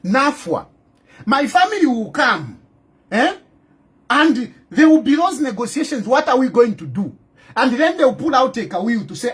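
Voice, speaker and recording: A middle-aged man with a Zambian accent delivers a heated, scolding address. His voice sits high and swings widely in pitch. He presses home his points with repeated rhetorical questions. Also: big pitch swings, normal speed, breathy edge. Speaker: political commentator. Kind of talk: impassioned direct-to-camera address.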